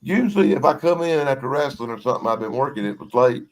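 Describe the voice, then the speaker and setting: A man's voice: medium pitch, lively intonation, fast talker, poor audio. A man in a casual livestream chat, giving blunt, plainspoken opinions.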